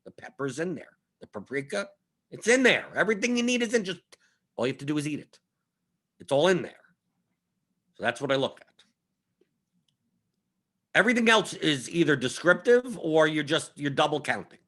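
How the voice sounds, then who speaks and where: A man's voice: on the high side, sing-song, moderate pace, long pauses, fairly bright tone. A young adult man hosting a fantasy sports live stream, chatting casually and emphatically, repeating his points and often asking "right?". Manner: emphatic, repetitive, conversational with frequent "right?". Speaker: fantasy sports analyst host.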